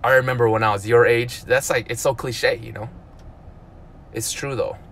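A man in his thirties talking casually on a live stream, animated and full of "dude" and "like", with loud outbursts and mumbled asides. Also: medium pitch, moderate pace, gravelly. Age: 30s. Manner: lots of "like" and "dude", repeats himself. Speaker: vlogger.

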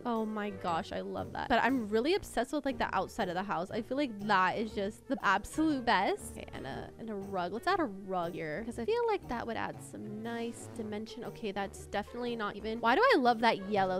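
A woman co-hosting a gaming channel, chatting excitedly to herself while she builds in a game. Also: fairly high pitch. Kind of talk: casual game commentary.

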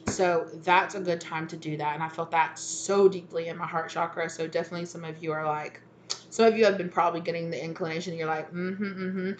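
Chatty low-voiced woman tarot reader. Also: steady tone, fast, a little hiss or hum. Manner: rambling, chatty, peppered with "you know" and "right?". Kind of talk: casual spiritual guidance talk.

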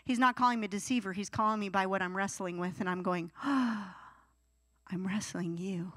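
Animated woman preaching, dry close sound. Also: mid-range voice, brisk, no room sound. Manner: animated, acts out whiny teenage voices. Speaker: youth pastor. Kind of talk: sermon.

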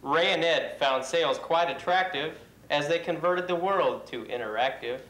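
A man reading a rhyming holiday poem in a steady, measured way for a company video. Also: on the high side. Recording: echoey room.

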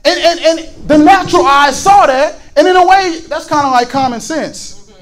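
Male preacher with a very high voice and a fiery, shouting delivery that stumbles over repeated words. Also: moderate pace, low-quality recording. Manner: fervent, shouting, repeats words when worked up. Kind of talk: fiery sermon.

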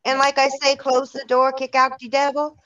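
A woman with a high voice leads a church Bible study, talking casually and laughing as she tells stories. She restarts her sentences often. The sound is dry and lo-fi, like a call. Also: monotone, normal speed, fairly bright tone, no echo.

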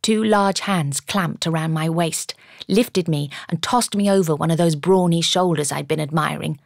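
A woman narrating an audiobook in the first person, measured and storytelling, recorded on a studio microphone. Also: sits low, gravelly, dry recording. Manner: measured storytelling with lively character dialogue.

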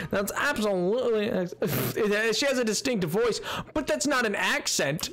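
High, lively streamer man chatting. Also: moderate pace, faint music behind. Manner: chatty and self-mocking, laughs often. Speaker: game streamer. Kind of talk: casual live-stream chat with viewers.

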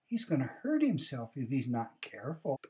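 A woman's voice: extremely low pitch, wildly swooping pitch, moderate pace, a little mellow, heavily acted. A woman voicing a worried female sheep in a picture-book read-aloud.

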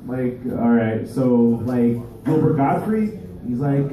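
A male stand-up comedian performing a live set, rambling and halting, with many restarts. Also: mid-range voice, phone-quality sound, a little hiss or hum. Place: live comedy venue with audience. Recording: echoey room, voice far from mic.

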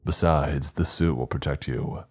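A man's voice: rumbling low, fairly even intonation, measured pace, faint music behind. A man voicing a stern male spaceship captain who gives curt commands. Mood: commanding.

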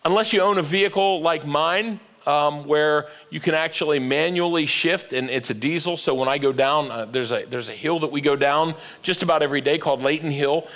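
A man's voice: a little high, brisk, few pauses, a bit bright, big-room sound. An older man preaching a sermon as pastor, with call-and-response that climbs to emphatic peaks. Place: church sanctuary.

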